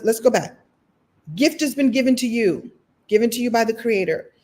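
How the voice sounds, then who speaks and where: Animated woman coaching with playful asides. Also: mid-range voice. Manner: animated, playful asides, laughs often, acts out little scenes. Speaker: motivational coach hosting a live recap. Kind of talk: lively motivational talk to an online audience.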